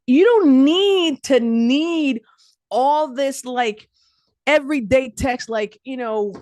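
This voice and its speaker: Woman comic, high and animated, dry close sound, rambling chatty delivery. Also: dry recording. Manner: chatty, rambling, lots of "like" and restarts. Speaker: stand-up comedian. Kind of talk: stand-up set. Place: virtual comedy show.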